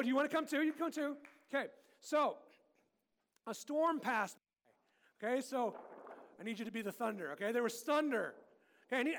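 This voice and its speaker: A children's pastor with a very high voice leads a lively sermon for kids using volunteers. He's playful and animated, swinging between loud bursts and hushed tones.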